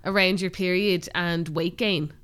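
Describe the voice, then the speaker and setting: A woman's voice: lowish voice, fairly even intonation, fairly bright tone, clear, resonant tone. A young woman co-hosting a podcast, talking candidly in casual chat. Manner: candid, chatty, quick to react. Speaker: podcast co-host.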